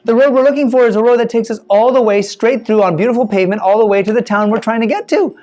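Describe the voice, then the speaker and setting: A man's voice: very high voice, quick pace, darkish tone. A man voicing a determined, cheerful male missionary driver who talks in an upbeat, reassuring way. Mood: eager.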